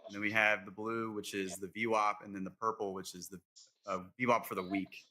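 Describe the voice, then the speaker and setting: A man's voice: on the low side, a little fast. A man co-hosting a trading stream from his desk, casually explaining his chart levels with frequent fillers. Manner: relaxed, explains setups, frequent um and like. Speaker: co-host trader. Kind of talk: casual live market commentary. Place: home trading desk with monitors.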